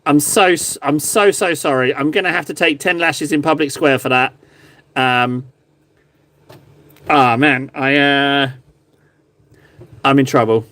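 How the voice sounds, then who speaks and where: A man's voice: medium pitch, steady tone, unhurried, long pauses, fairly bright tone, no room sound. A man streaming live, chatting casually and joking with his viewers while painting miniatures. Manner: chatty, jokey, mock-grovelling. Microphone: phone camera.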